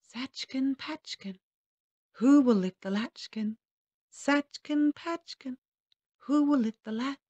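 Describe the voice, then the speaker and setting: Storybook hobgoblin, tiny and green, chanting high and thin, read by a woman. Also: slow, dark tone, dull audio. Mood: sing-song.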